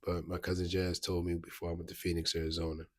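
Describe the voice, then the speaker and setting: Man, low husky voice, monotone, rambling storytelling. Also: quick pace. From Baltimore, USA. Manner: rambling, restarts, frequent "you know what I mean". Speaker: vlogger. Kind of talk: casual storytelling to camera.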